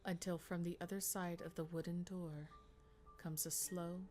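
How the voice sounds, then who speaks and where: A woman streamer reading a visual novel aloud in a hushed, measured, dramatic way. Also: on the low side, level tone, soft background music. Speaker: game streamer.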